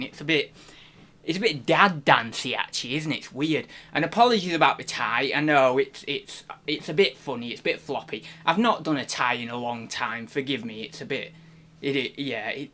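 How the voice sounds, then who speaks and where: A man's voice: mid-range voice, pushed and bright. A man hosting a live stream, chatting casually in a rambling, self-deprecating way. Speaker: reselling streamer host.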